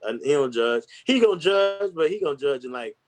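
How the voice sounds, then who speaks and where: A man's voice: fairly high pitch, animated, a little fast, a little mellow, faint music behind. A man speaking candidly and earnestly in casual conversation, rambling with restarts and slang. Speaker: podcast guest.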